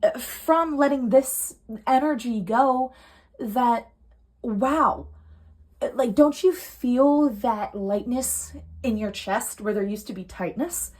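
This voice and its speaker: A young adult woman giving a pick-a-card tarot reading at home, earnest and emotional, swinging from soft to heated. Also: a little high, slow pace. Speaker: tarot reader. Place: home room.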